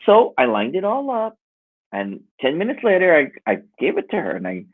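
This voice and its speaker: A middle-aged man, telling animated, laughing stories in casual chat and quoting people as he goes. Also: a little high, moderate pace, no room sound. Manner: animated, laughing storyteller with lots of voiced quotes. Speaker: musician and jewelry maker guest. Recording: tinny phone-like dry audio.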